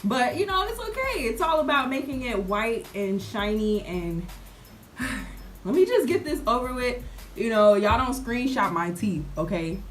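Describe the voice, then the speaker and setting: Slow, chatty young woman. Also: a little high, animated, a little hiss or hum. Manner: chatty, playful, laughs often, addresses viewers as y'all. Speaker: vlogger reviewing a product. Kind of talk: casual chat to camera.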